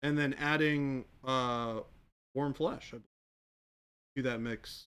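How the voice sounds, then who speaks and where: A man's voice: medium pitch, fairly even intonation, slow, fairly bright tone, clear, resonant tone. A man co-hosting a hobby livestream, answering chat questions in an easygoing way with a lot of fillers. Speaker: co-host of a miniature painting livestream.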